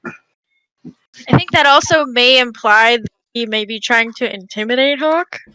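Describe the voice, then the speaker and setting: A woman's voice: on the high side, measured pace, sharp tone, clear, resonant tone, no room sound, rough recording. A woman playing a tabletop role-playing game, hesitant and questioning. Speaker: player.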